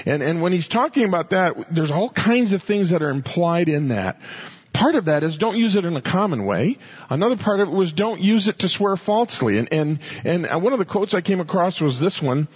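A man with a slightly high, husky voice delivers a sermon like he's chatting with friends, folksy and easygoing. The recording sounds a little dull and lo-fi. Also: expressive, brisk. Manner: folksy, conversational storytelling. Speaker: pastor.

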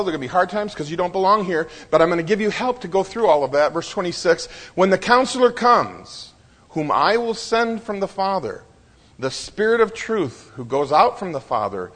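A man preaching a sermon, pausing for effect and voicing the quotes he reads. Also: high voice, fairly bright tone, breathy edge, big-room sound. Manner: preaching with dramatic pauses and voiced quotes. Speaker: pastor.

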